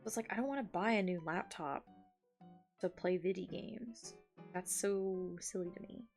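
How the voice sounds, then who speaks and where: A woman talks loosely to her stream viewers from home, filling her sentences with "like" and breaking into laughs. Her voice sits in a middle range with a gravelly fry at the ends of phrases. Soft guitar music plays faintly underneath. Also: mid-range voice, moderate pace. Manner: chatty, rambling with many "like"s, laughs often. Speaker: art streamer. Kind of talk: casual stream chat.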